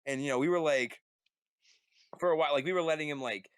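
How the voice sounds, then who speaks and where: A young man telling a rambling story in casual chat, full of fillers and animated quotes. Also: fairly high pitch, quick pace, clear, resonant tone, dry recording. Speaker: podcast host. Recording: faint background noise.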